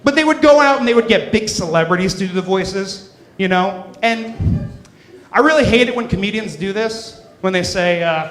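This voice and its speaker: Twenty-something guy doing standup, kinda high voice, roomy club sound. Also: normal speed. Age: 20s. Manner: deadpan with sudden character impressions. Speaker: stand-up comedian. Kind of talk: stand-up set. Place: comedy club stage.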